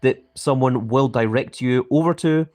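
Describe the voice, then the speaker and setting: A man's voice: medium pitch, moderate pace, a little mellow. A Scottish man live streaming a mobile game, answering chat with a grand, carefully enunciated way of speaking. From Scotland.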